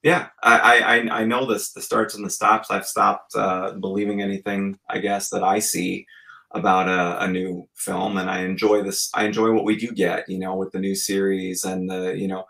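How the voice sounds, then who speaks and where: A man's voice: low-pitched, flat delivery, moderate pace, gravelly, bright, forceful tone, low-quality recording. A man in his forties, a podcast guest, telling stories in an earnest, reflective way in casual chat. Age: 40s.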